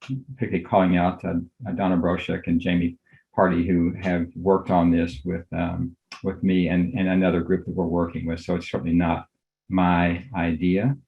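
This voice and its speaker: An older man, a physician, giving a measured academic lecture on a video call, courteous and full of fillers. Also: low-pitched, level tone, gravelly, phone-quality sound. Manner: measured, courteous, thinks aloud with many fillers.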